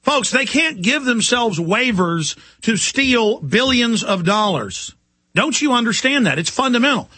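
A man's voice: very high voice, sing-song, unhurried, pushed and bright, no echo. A man delivering an impassioned, indignant talk radio monologue as the show's host.

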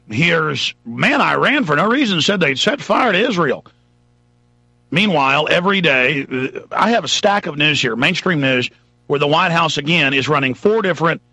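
Husky-voiced ranting male radio host. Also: a little high, bright, forceful tone, no room sound. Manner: emphatic, ranting. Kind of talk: talk radio monologue.

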